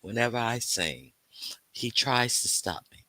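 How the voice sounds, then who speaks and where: A man's voice: medium pitch, expressive, a little slow, bright, forceful tone, no room sound. A man hosting a casual livestream, teasing the chat, reading out viewer names and breaking into snatches of song. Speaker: livestream host.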